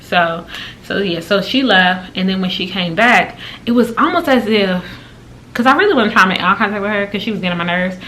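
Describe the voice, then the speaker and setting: A woman vlogger recounts a story in a loose, chatty way. Her voice is bright and forceful, and she leaps up in pitch when she acts out what people said. She sounds irritated but keeps talking freely. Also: fairly quick, slight background noise. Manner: animated and exasperated, with big pitch jumps when quoting. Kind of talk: casual storytime retelling.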